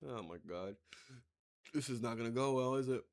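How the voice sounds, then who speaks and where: A man's voice: medium pitch, normal speed. A man giving casual, rambling let's-play commentary, swearing freely and turning sarcastic as he reacts to the story. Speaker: gameplay commentator.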